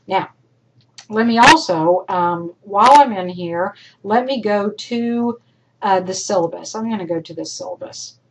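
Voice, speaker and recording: A woman college instructor recording feedback for her class, emphatic and encouraging, talking straight to her students, her voice worn and going hoarse. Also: medium pitch, measured pace, a little hiss or hum, low-quality recording.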